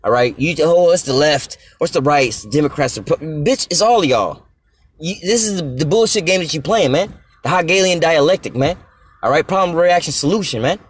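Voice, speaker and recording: Angry black guy ranting at a clip, cussing nonstop, talks fast. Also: on the high side, lively intonation, breathy edge. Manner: profane, heated, preachy, addresses the clip directly. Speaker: commentator reacting to a clip.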